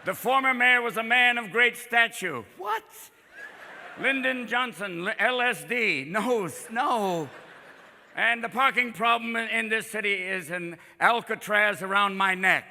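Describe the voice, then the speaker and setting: A man in his fifties doing a stand-up comedy set in a live venue, manic and profane, jumping into quick impressions. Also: sits high, creaky, sharp tone, long reverb tail. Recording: live crowd noise behind.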